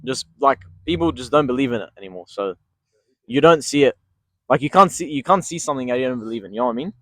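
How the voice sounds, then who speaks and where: A man's voice: mid-range voice, expressive, fast talker, no echo. A young man co-hosting a podcast, talking in a casual, rambling way full of fillers and restarts. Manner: rambling, hesitant, lots of fillers. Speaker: podcast co-host. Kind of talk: casual chat.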